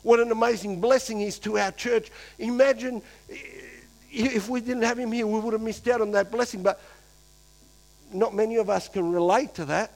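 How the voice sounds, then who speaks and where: A pastor preaching a lively sermon to his church, acting out quoted voices and swinging between loud and hushed. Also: high-pitched, normal speed, gravelly, poor audio.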